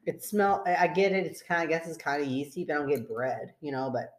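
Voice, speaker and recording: A woman's voice: low voice, fast talker. A woman co-hosting a casual podcast chat, rambling with fillers and frequent laughs. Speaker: podcast co-host.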